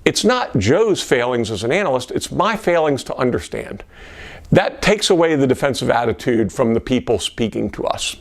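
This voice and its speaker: A man presenting a lesson on communication for systems engineers, acting out the questions he would ask a colleague in a gentler voice. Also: mid-range voice, sing-song, moderate pace. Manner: acts out sample questions in a gentler voice. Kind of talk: instructional talk to camera.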